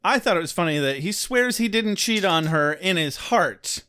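A man co-hosting a casual recap podcast, his voice sitting a little high and moving through a wide, animated range. He talks in a joking, irreverent way. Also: normal speed, smooth. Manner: joking and irreverent, laughs often. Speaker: podcast co-host. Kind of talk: casual chat recapping a TV episode.

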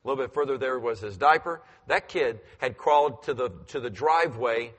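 A man in his fifties, a pastor telling animated stories in a sermon and acting out the voices. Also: mid-range voice, a little fast. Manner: animated, acts out voices, climbs loud when excited. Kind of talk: storytelling in a sermon. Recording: long church hall reverb.

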